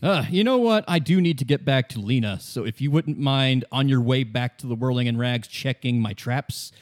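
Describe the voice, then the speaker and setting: A man's voice: medium pitch, lively intonation, moderate pace, natural voice. A man voicing a cheerful, fussy old male scientist who stammers, in a tabletop role-play. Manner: chipper, stammering.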